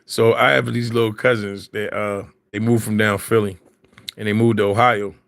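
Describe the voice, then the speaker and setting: A man's voice: on the low side, level tone, moderate pace, creaky, fairly bright tone, no echo, studio quality. A man in casual chat, telling stories in slang and laughing often. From Philadelphia.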